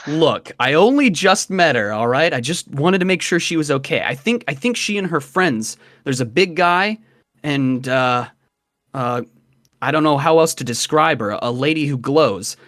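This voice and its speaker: A flustered young tiefling magician voiced by a man, stammering as he checks whether everyone is safe. His voice sits at an ordinary middle pitch. The sound is dry and close, in a tabletop game. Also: a little slow, fairly bright tone, no echo, natural voice. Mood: bashful. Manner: worried, stammering, fussing over others.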